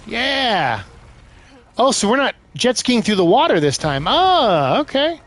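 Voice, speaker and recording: A man giving casual let's-play commentary, exclaiming loudly as he plays. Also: high voice, unhurried, slight background noise. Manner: excitable, loud bursts of exclaiming while playing. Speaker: gaming streamer.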